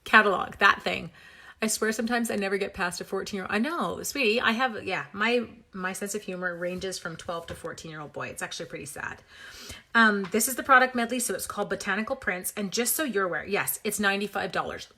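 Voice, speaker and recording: Chatty woman with a bright voice. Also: medium pitch, brisk. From Canada. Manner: chatty, warm, talks to viewers by name; playful sound effects, self-mocking humor. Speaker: papercraft demonstrator hosting a livestream. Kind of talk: casual live crafting demo.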